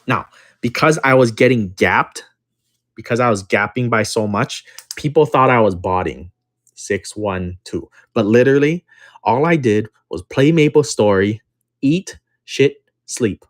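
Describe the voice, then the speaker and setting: A man's voice: mid-range voice, expressive, a little slow. Brash, profane man streaming card breaks. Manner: brash, profane, repeats phrases for emphasis; counts down and calls out card numbers while telling a story. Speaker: card-breaking livestream host. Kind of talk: casual livestream storytelling.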